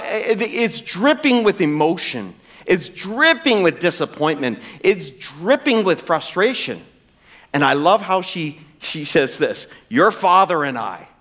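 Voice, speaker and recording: A man's voice: fairly high pitch, takes it slowly. A male pastor preaching a sermon with humor, talking directly to the congregation. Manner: animated, humorous, direct address.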